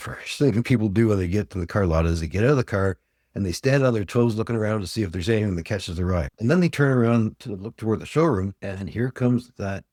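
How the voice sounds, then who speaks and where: A man's voice: on the low side, a little mellow, dry recording, studio quality. An older man from Ontario, Canada, a sales trainer telling plain-spoken customer stories as a podcast guest. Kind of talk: storytelling interview talk.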